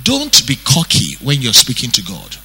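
A male pastor with a Nigerian accent, preaching an animated sermon that acts out the scriptures he quotes. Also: medium pitch, normal speed. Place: church hall. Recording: breathy voice in long hall reverb.

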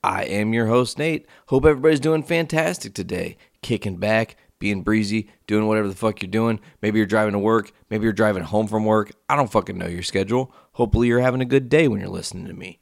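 A man hosting his own podcast, telling a story in a casual, profane, ranting way that jumps up in pitch when he gets worked up. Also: fast talker, vocal fry, few pauses, dry recording, studio quality. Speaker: podcast host.

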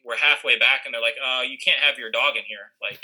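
A man's voice: medium pitch, a little fast, bright, forceful tone, poor audio. A man casually telling a long story with lots of fillers and restarts. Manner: rambling, many fillers.

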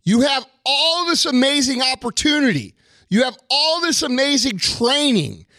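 A young man telling a story and ranting to his listeners, heated and profane, building into a forceful lesson. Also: very high-pitched, very animated, measured pace, no room sound. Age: young adult.

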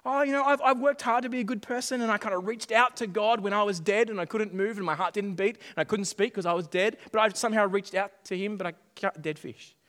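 A middle-aged man preaching a sermon, animated and jokey, often repeating his phrases. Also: sits high, quick pace, few pauses. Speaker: pastor. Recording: long hall reverb.

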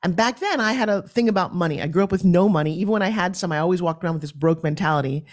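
A woman from New York, a podcast guest, telling her story in an animated and forthright way. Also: on the low side, racing.

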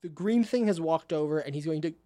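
A man's voice: fairly high pitch, fairly quick, warm tone, no room sound. A man narrating a tabletop game as game master in a casual, chatty way.

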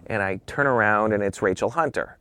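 A middle-aged man, a photographer, telling a lively anecdote in conversation and shifting his voice when he quotes people. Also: a little fast. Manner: lively, swings pitch when quoting people. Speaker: photographer guest.

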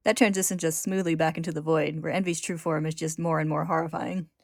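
A woman hosting, narrating a story recap in a steady, descriptive way. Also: deep voice, fast talker, vocal fry, dry recording, studio quality.

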